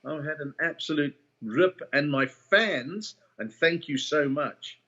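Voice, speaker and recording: A man's voice: a little high, slow, pushed and bright, highs cut off. A middle-aged South African man, a comedian, chatting casually as a guest, slangy and joking as he tells stories. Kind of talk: casual chat.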